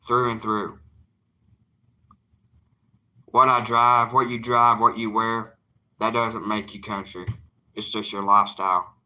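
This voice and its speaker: A young man with a drawl chats on a livestream as an evangelist. He is plainspoken and defiant, and his low-pitched voice carries a strikingly bright, cutting tone. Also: little pitch movement, slow pace, long pauses. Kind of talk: casual livestream talk to viewers.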